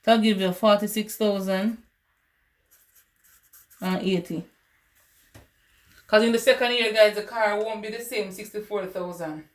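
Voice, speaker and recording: A woman with a Caribbean English lilt walks viewers through math on a relaxed livestream. Her voice sits at an ordinary middle pitch. The sound carries a roomy echo from a room at home. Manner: chatty, talks to viewers and answers chat. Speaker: math tutor. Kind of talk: casual livestream lesson.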